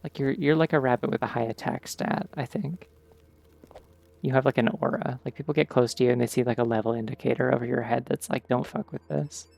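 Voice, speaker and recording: A man streams a game and chats loosely, wandering off topic and saying "like" constantly. His mid-range voice is steady, fast and creaky with a slightly mellow quality, and faint game music plays behind him.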